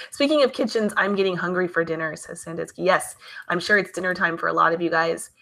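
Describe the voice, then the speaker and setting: Reading her audience's messages out loud, a woman chats her way through a relaxed live stream. Her tone is bright and forceful, slightly low, delivered fairly quickly with vocal fry.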